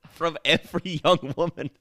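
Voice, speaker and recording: A man's voice: on the high side, steady tone, unhurried, a bit bright, no room sound. A man playing a confused young therapy patient in an improvised comedy, talking earnestly and rambling. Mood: eager. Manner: earnest, rambling, laughs at himself. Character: confused young man copying an old spy actor. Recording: dry close studio sound.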